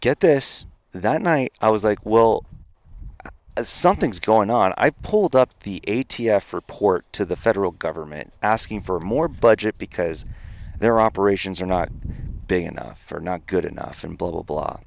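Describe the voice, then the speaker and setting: A man, a podcast guest, casually telling a long, animated story and laughing at his own misadventure. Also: low-pitched, normal speed, vocal fry, no room sound. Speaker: podcast guest, company founder.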